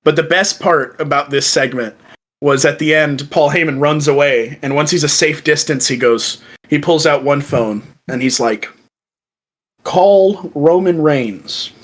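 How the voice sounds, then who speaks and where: A young man co-hosting a podcast in casual chat, excitedly retelling events and acting out the quoted lines. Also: on the high side, moderate pace, rough recording. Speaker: podcast co-host. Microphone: remote call.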